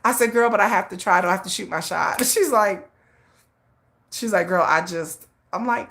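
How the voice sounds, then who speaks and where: A woman hosting a casual livestream, telling stories with lively swings in her voice, acting out her friend's lines and answering viewer chat. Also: medium pitch, moderate pace, long pauses. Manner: animated storytelling, acting out a friend's lines, frequent laughs. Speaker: livestream host.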